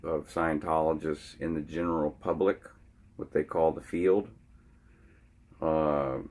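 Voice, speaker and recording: A man vlogging his opinions in a casual monologue, halting and often restarting his sentences. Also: very deep voice, little pitch movement, darkish tone.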